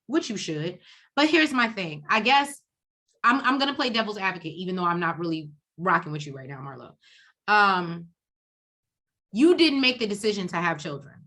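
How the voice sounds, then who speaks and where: Bright-voiced woman recapping bluntly. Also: medium pitch, normal speed, long pauses. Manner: blunt, profane, animated storytelling with acted quotes. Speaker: co-host of a TV recap show. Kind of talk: casual reality TV recap chat.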